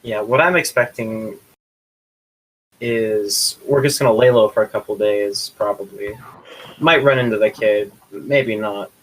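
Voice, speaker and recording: A man's voice: on the low side, measured pace, rough recording. A man playing a tabletop game, chatting out of character and hedging as he thinks aloud. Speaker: player. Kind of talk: casual out-of-character chat.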